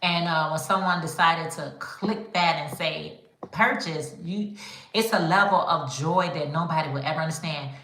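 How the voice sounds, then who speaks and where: A woman with a fairly low voice chats casually with her livestream viewers, calling them y'all. The sound is roomy and echoey, as if recorded in a room at home. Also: moderate pace, a bit bright, slight background noise. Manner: chatty, addresses viewers as y'all. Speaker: livestream host. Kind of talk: casual live chat.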